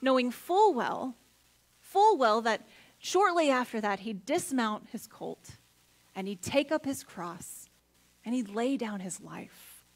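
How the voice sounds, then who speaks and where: High-voiced woman preaching a sermon. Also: very animated, takes it slowly. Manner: earnest, builds to emphatic points then drops soft. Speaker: pastor. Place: church sanctuary.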